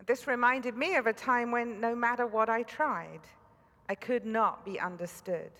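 A woman's voice: on the high side, measured pace, a bit bright. British woman preaching in a reverberant hall. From Britain. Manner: storytelling, dry humor. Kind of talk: sermon.

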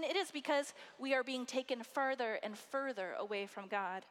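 A woman preacher delivering a sermon with emphatic phrasing and dramatic pauses. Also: a little high, fairly bright tone. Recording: hall reverb.

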